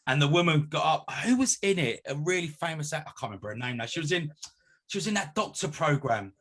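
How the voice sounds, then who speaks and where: Bright-voiced man telling stories. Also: fairly high pitch, lively intonation, fast. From North West London. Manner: chatty storyteller, laughs easily. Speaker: guest. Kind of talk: casual chat.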